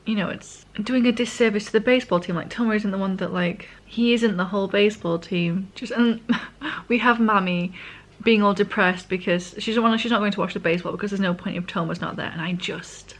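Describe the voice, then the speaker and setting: A woman's voice: medium pitch, a little fast. A woman, casually recapping a manga in a rambling, chatty way, sometimes correcting herself and eating as she talks. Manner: eating while talking. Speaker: vlogger.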